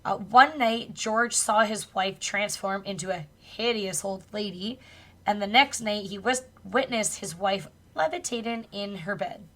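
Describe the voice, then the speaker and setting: A woman's voice: mid-range voice, measured pace. Woman podcast host telling a creepy story, chill and chatty, cusses a bit. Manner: relaxed storytelling with casual swearing and laughs. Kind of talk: casual chat, retelling a true crime story.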